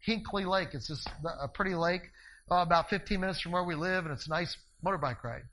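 A male minister preaching a sermon, telling a personal story in an animated way and swinging between loud and hushed delivery. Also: high voice, brisk, a little hiss or hum, rough recording. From northeast Ohio, US.

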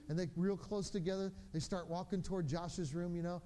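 A man in his forties preaching a sermon, telling stories in a lively way and acting out his children's voices, then going quiet for reflection. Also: high voice, a little fast. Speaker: pastor.

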